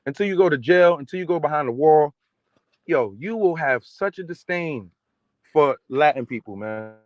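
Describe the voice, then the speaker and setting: A man holds forth on a livestream in a somewhat high, insistent voice, circling back to the same lines over and over. The sound is close and dry with no room around it. The audio is a little dull, like lo-fi stream sound. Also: lively intonation, moderate pace, no echo. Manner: emphatic, repetitive, keeps asking "okay?". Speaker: streamer reading viewer comments. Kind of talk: casual livestream rant.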